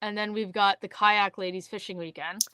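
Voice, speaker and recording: Lively storytelling woman, dry close mic. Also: medium pitch, normal speed, smooth, no room sound. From Canada. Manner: animated storyteller, acts out quotes, laughs often. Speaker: podcast co-host. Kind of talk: casual chat.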